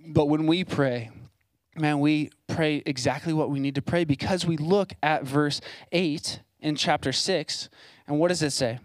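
A man's voice: fairly high pitch, steady tone, measured pace, no echo. A young man preaching a sermon as a site pastor, in a casual, conversational way with plain asides.

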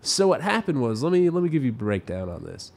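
A young adult man, a podcast co-host, telling a story in casual chat with lively delivery and free swearing. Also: medium pitch, fast talker, gravelly. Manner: animated storytelling, swears freely.

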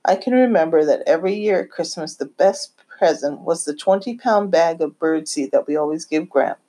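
A woman reading her family memoir aloud, reminiscing in a gentle, unhurried way. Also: low-pitched. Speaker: narrator.

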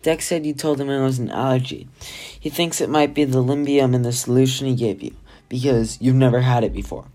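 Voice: mid-range voice, fairly even intonation, fairly quick, close to an everyday voice. A kind, fretful healer, as the reader voices him. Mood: reassuring. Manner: gently reassuring, a bit fretful. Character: kind fussy male healer, wild-haired.

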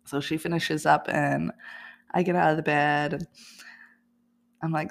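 A woman's voice: low-pitched, little pitch movement, a little slow, vocal fry, long pauses. A woman hosting a podcast, telling a personal story in a chatty, casual way and laughing often. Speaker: podcast host.

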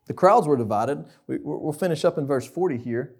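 A man's voice: on the high side, lively intonation, moderate pace, gravelly. A young man preaching a conversational sermon, asking the listeners questions.

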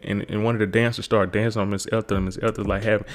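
A man's voice: lowish voice, little pitch movement, rapid-fire. A man recapping a TV episode in a casual, rambling way, repeating himself and saying kinda a lot.

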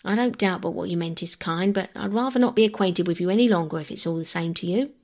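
A woman voicing a proud, touchy working-class railway porter who talks in clipped dialect, with a gravelly, husky voice. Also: fairly low pitch, fast talker, a little mellow. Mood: indignant. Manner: indignant, clipped dialect speech.

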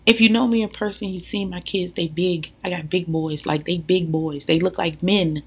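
A woman, a mother, speaking in a casual, animated monologue, talking emphatically and directly to her listeners. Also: lowish voice, normal speed, husky. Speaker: mother sharing views.

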